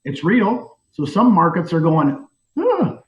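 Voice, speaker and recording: A man's voice: on the high side, expressive, moderate pace. A man moderating a panel over a video call, upbeat and emphatic as he hands the topic to a colleague. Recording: roomy, dull lo-fi video call audio.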